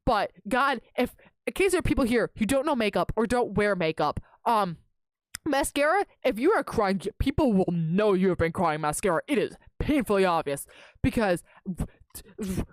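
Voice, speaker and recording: A woman's voice: medium pitch, lively intonation, moderate pace, no room sound. A young woman streamer casually telling a rambling, self-interrupting story to her live chat, dramatizing her own reactions.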